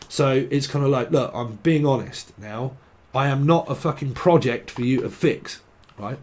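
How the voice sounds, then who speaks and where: A man's voice: mid-range voice, fairly quick, darkish tone. A man giving a casual tarot reading, rambling and swearing, laughing often and mimicking imagined people. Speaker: tarot reader.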